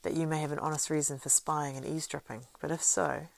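A proud young hobbit answers curtly and suspiciously, as a woman reads him aloud in a storybook. The voice is low-set with some gravel in it, recorded dry. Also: fairly even intonation, fast talker, no room sound. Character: wary young male hobbit, sharp and proud.

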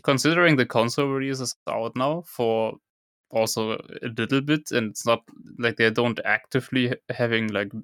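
Smooth-voiced man, thoughtful podcast chat. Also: medium pitch, moderate pace, a bit bright, no echo, studio quality. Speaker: podcast co-host. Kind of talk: casual chat.

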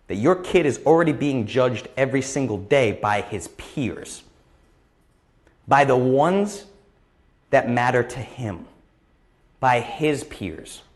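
A man in his thirties hosting a live question-and-answer stream, talking bluntly and passionately and repeating phrases for emphasis. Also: mid-range voice. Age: 30s. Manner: impassioned, emphatic, gets worked up. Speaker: host of a live Q&A. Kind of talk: live-stream motivational talk.

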